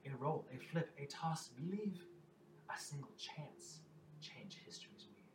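A man puts on a sly fey lord of song and dance for a tabletop game, lilting and theatrical as he recites rhymes. The voice climbs high and swoops around. It sounds roomy and far from the mic, with loud ambience behind. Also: animated, a little slow, heavy background noise. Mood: chanting.

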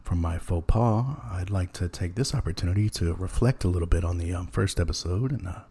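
A man rambles through a casual podcast monologue, full of ums and little chuckles at his own jokes. His voice sits very low with a gravelly fry, dark and husky in tone. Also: brisk. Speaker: podcast host.

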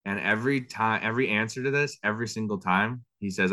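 A man in his thirties with a very low voice shares stories in a loose, rambling way, full of fillers. His tone is bright and forceful despite the depth. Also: quick pace. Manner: relaxed, rambling, frequent fillers. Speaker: podcast co-host. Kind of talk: casual chat.

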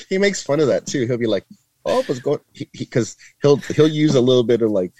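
A man's voice: mid-range voice, sing-song, a little fast, warm tone, no echo. A man in his fifties from Northern California, a retired border agent, telling stories to a podcast host in a chatty way, full of "like" and "man", acting out the voices of people he quotes. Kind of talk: casual interview storytelling.

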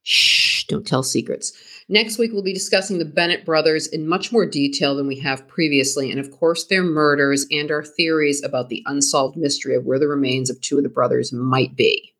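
A woman's voice: sits low, fairly even intonation, fairly quick, hardly any pauses. A woman co-hosting a podcast, reading a scripted true-crime story in a storytelling manner. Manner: reads from a script, dramatic storytelling. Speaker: podcast co-host.

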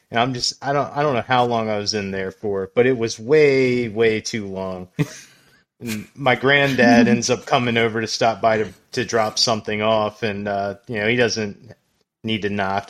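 A man's voice: lowish voice, fairly even intonation, normal speed, a bit bright. A man co-hosting a podcast, telling a crude childhood story casually and laughing often as he goes. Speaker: podcast co-host. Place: small studio room.

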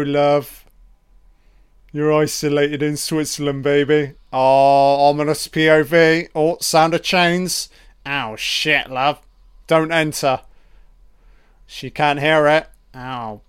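A man giving a crude, profane, excitable running commentary on a film, calling the characters love and baby. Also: mid-range voice, clear, resonant tone.

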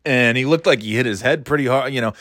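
A man in a casual sports talk, swearing freely and rambling, with frequent laughs and lively jumps in pitch. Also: quick pace, dry recording, clean studio sound. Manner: profane, rambling, animated, laughs often.

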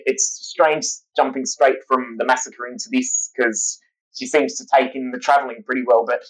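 Chatty, enthusiastic podcast co-host. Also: male voice, medium pitch, rough recording. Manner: enthusiastic, long flowing opinions. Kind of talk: casual podcast chat.

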